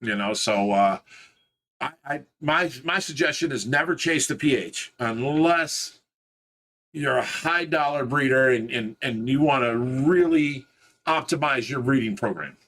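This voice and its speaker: Indoors at home, a man with a Midwestern American accent co-hosts a fish rescue livestream, chatting casually and rambling with restarts while laughing at himself. His voice is mid-range, a little slow and fairly bright in tone.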